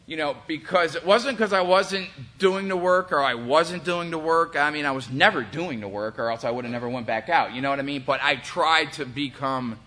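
A man's voice: on the high side, moderate pace, hardly any pauses, bright, forceful tone. A man in his forties giving a candid, rambling personal testimony about recovery, profane and full of fillers. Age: 40s. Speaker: recovery speaker.

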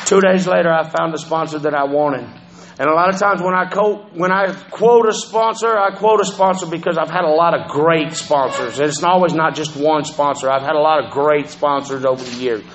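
In this lo-fi clip with a little hiss or hum, a man with a higher, slightly bright voice speaks briskly and with fairly even intonation. His recovery testimony is chatty and profane, punctuated by frequent check-ins like "you know what I'm saying."

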